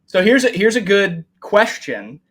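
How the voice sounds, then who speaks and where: A man's voice: high voice, a little slow. A man co-hosting a golf podcast, telling stories in casual chat and swearing freely. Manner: animated storyteller, swears freely. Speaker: podcast co-host.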